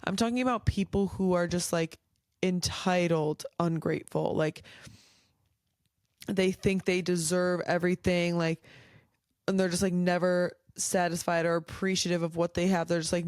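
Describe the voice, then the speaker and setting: A woman's voice: fairly low pitch, flat delivery, normal speed, a little mellow, clear, resonant tone, no echo, clean studio sound. A woman hosting her own show, ranting bluntly at home late at night, tired and swearing freely with lots of filler likes. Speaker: podcast host. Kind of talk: casual solo rant.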